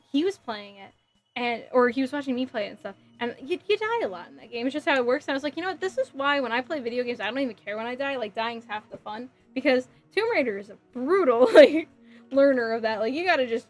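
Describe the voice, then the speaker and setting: A woman in her thirties chatting casually with her viewers while building a model kit, giggling often. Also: fairly high pitch. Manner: chatty, giggly, reading chat aloud. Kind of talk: casual livestream chat.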